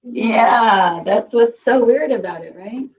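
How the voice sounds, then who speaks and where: A woman's voice: a little high, slow pace, a little mellow, lo-fi sound. A woman teaching a Spanish class, patiently quizzing students and repeating their answers.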